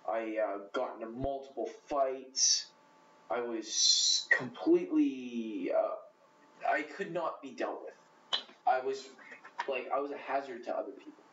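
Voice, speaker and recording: A man's voice: medium pitch, a little slow, slight background noise. A man telling his own story in an interview, blunt and profane, rambling with fillers. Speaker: interview guest. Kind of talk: candid personal storytelling. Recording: rough, quiet, muffled, echoey, from far off.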